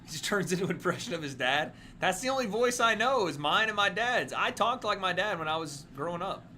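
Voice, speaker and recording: A man hosting a casual livestream watch party, joking, reacting loudly to fights and thanking viewers for donations. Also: high-pitched, brisk, a little hiss or hum. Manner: excitable, jokey, reads out donations. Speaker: livestream host.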